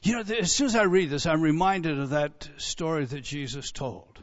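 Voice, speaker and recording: A man preaching a sermon as pastor, emphatic, building up to near-shouts on key points. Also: a little high, moderate pace. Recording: dull lo-fi sound.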